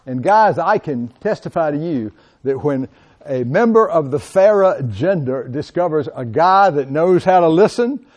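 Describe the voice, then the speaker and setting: A middle-aged man giving a classroom lecture as a college lecturer, talking straight to his students and calling them guys. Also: fairly high pitch. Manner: animated, addresses students directly as guys.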